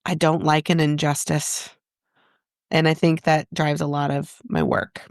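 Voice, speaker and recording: A woman's voice: deep voice, little pitch movement, a little slow, creaky, no echo, studio quality. A woman guest in an interview, a therapist, talking in a reflective, self-questioning way and laughing often. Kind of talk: casual interview conversation.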